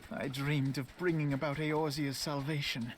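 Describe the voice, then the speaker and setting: An actor voicing a remorseful male idealist in a fantasy game, speaking slowly and ruefully. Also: a little high, flat delivery, a little hiss or hum, natural voice.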